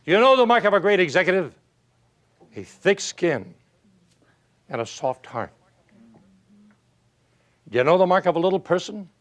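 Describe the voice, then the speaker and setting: High-pitched guy telling stories, keeps firing questions at the crowd. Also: expressive, normal speed, long pauses, fairly bright tone. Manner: emphatic, rhetorical questions, storytelling. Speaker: motivational speaker. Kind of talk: folksy motivational speech.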